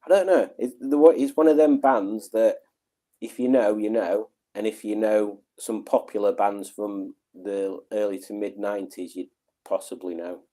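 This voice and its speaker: A middle-aged man hosts a laid-back livestream from home. His voice is mellow and soft-edged, and he meanders through viewer messages with easy, self-mocking asides. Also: on the low side, moderate pace. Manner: relaxed, rambling, self-deprecating. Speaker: livestream host. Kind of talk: casual chat reading out viewer comments.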